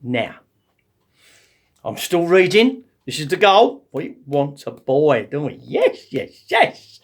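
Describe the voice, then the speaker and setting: A man in the role of a motivational speaker, telling a comic personal anecdote in a lively, cheeky way. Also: on the high side, takes it slowly.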